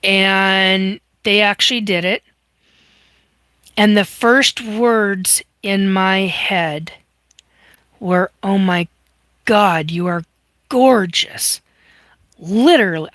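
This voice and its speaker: Slow, bright-voiced woman host. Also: medium pitch, no echo. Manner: earnest, emphatic storytelling with frequent restarts; occasional mild swearing. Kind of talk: casual live-stream chat.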